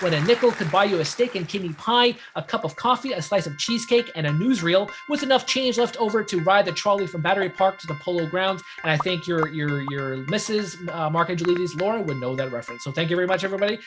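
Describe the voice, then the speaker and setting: A man's voice: sits high, music in the background, crowd noise. Jokey man hosting a mock game show. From Canada. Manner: jokey, quick-quipping.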